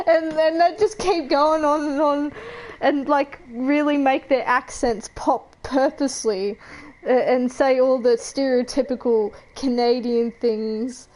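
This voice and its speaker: An Australian woman with a high voice chats at an unhurried pace while she plays a game, rambling and giggling between thoughts. A clear hum of noise sits under her voice the whole time. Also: darkish tone, rough recording. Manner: chatty, rambling, with frequent giggles and fillers. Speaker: gaming streamer. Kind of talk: casual chat while gaming.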